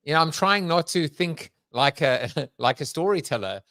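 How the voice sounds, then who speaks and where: A man's voice: fairly high pitch, animated, moderate pace, fairly bright tone, no room sound. A man with a Long Island accent hosting an interview podcast, joking and rambling, laughing often. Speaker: podcast host. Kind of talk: casual interview chat.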